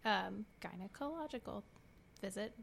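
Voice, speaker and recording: A woman's voice: mid-range voice, expressive, normal speed, vocal fry, slightly rough. Frank young woman in casual chat. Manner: frank, laughs often. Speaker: podcast co-host.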